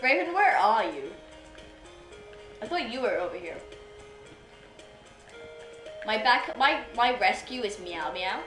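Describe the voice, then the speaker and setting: A woman's voice: on the high side, slow, pauses often, echoey room, faint music behind, low-quality recording. Chatty, playful woman streamer. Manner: playful, chatty, bursts of squealing excitement. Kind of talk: casual gameplay chat.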